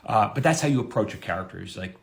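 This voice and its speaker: A middle-aged man, a TV comedy writer, answering a viewer's question in a casual, lively way, with his pitch jumping up for emphasis. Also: fast talker, vocal fry. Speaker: TV comedy writer giving advice.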